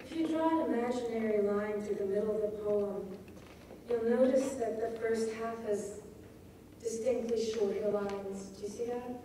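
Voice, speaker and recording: A woman giving a poetry lecture, measured and often checking in with her audience. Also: on the high side, mellow, distant mic, a little hiss or hum. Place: lecture hall. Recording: echoey hall recorded from afar.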